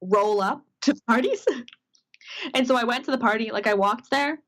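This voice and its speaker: Brief: woman from Minnesota, cohost on a video call, slightly high voice, chatty storyteller who acts out the quotes. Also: moderate pace. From Minnesota, USA. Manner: animated storyteller, acts out quoted dialogue, many fillers. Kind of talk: casual chat.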